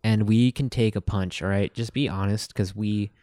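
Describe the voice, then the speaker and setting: A man's voice: fairly low pitch, fairly even intonation, normal speed, warm tone, no echo, clean studio sound. A man co-hosting a podcast, talking in a laid-back, slangy way. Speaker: podcast co-host. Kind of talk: casual chat.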